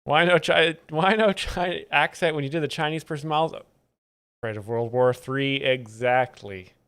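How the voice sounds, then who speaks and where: Sarcastic guy hosting a comedy stream, deadpan, smooth voice. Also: on the high side, normal speed. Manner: sardonic and deadpan. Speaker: live-stream comedy host. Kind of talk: casual commentary.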